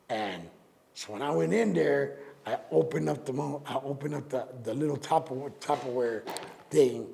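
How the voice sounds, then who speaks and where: A middle-aged rapper and DJ, appearing as an interview guest, tells profane, animated stories and acts out other people's voices. His voice is a little high, creaky, and a little mellow.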